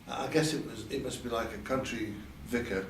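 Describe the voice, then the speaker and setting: A man's voice: mid-range voice, normal speed, slight background noise. An older man recalling his past in a candid interview, hesitant and repeating words as he goes. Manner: hesitant, repeats words, quotes others in a lifted voice. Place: event venue. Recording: roomy sound from a distant mic, faint ambience.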